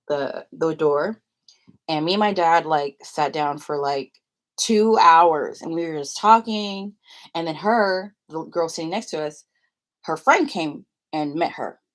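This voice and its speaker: A young woman vlogger spins a casual storytime, rambling through tangents and quick to giggle. Her voice sits a little low for a woman, relaxed and conversational.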